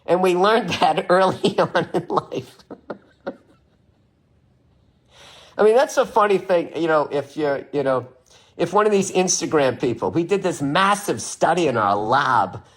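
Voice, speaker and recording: A man's voice: a little high, lively intonation, unhurried, pauses often, fairly bright tone. A man talking in a casual monologue, rambling and swearing with an incredulous edge.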